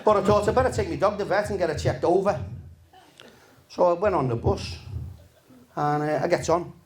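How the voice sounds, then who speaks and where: A man, doing a stand-up comedy set in a relaxed, deadpan, sweary storytelling manner to a live audience. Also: sits high, a little fast, slight background noise. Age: 50s.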